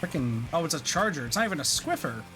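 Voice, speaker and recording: A young man streaming a game, reacting out loud with a lively, swinging voice that sits a little high for a man. He swears freely and gets excited fast, with video game music clearly behind him. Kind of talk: live gameplay commentary.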